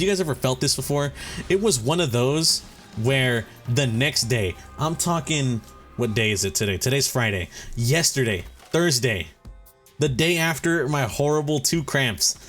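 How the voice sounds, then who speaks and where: Young male gaming host, mid-pitch voice, tired and rambling, faint music underneath. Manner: rambling, animated storytelling with acted-out quotes. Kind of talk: casual chat over gameplay.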